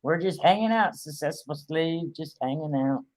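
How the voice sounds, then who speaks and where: A man's voice: fairly high pitch, expressive, moderate pace, darkish tone, no echo. A man with a Midwestern American accent, chatting on a livestream and reading out viewer comments. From Indiana, US. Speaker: livestream co-host. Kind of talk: casual livestream chat.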